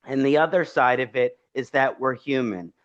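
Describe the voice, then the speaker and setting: A man's voice: medium pitch, moderate pace. Man, Philadelphia accent, nasal; earnest reflective lecturer, muffled lo-fi sound. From Philadelphia, Pennsylvania. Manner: earnest, reflective, asks rhetorical questions. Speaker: astrology lecturer.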